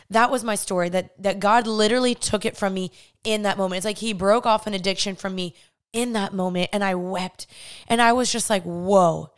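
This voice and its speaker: Smooth-voiced young woman sharing a testimony. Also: medium pitch. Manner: candid and earnest, chatty with frequent fillers. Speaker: podcast host. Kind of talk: personal faith testimony, casual storytelling.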